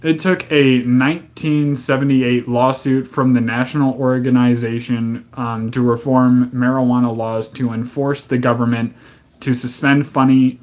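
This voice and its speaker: A man streams live at a medium pitch, reading to his chat and breaking into profane, exasperated rants that remain angry yet joking.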